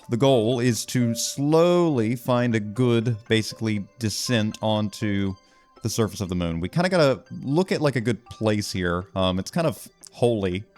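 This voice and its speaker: Excitable man narrating his gameplay. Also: fairly low pitch. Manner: excitable, talks himself through each move. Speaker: gaming video host. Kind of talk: casual let's-play commentary.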